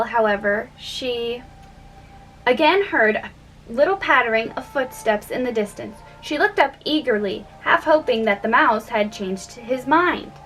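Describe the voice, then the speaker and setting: Slow-reading woman narrator for a storybook, deliberate, distant mic with soft music under it. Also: a little high. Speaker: audiobook reader.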